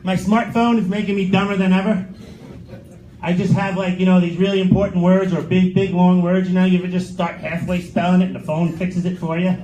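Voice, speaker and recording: A man's voice: high voice, flat delivery, a little fast, warm tone, a little hiss or hum. A middle-aged man doing a stand-up comedy set, telling crude, sarcastic stories on stage in a comedy club. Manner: crude, sarcastic storytelling with acted quotes. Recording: roomy club with crowd laughter.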